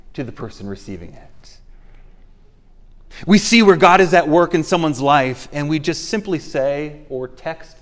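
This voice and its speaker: A man preaching a sermon as pastor of a church, earnest and emphatic, slowing down to stress key phrases. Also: a little high, a bit bright.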